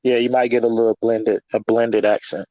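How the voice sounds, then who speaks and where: A man's voice: mid-range voice, flat delivery, a little fast, a little mellow. A man from Indiana chatting casually on a voice call, laid-back and full of fillers like "uh, you know". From Indiana, United States. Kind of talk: casual voice-chat banter. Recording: dull lo-fi voice chat audio.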